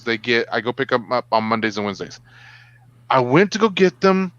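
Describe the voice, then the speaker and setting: A man co-hosting a casual online talk show, telling stories in an animated way. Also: mid-range voice, brisk, clear, resonant tone, no room sound, lo-fi sound. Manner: animated storyteller. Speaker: co-host. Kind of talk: casual chat.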